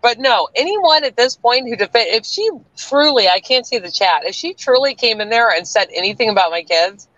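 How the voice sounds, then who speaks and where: A woman's voice: on the high side, lively intonation, moderate pace, hardly any pauses, a bit bright, dry recording. A woman guest on a livestream call, ranting in a furious, profane, threatening way. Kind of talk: angry livestream rant. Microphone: online stream call audio. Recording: dull lo-fi stream audio.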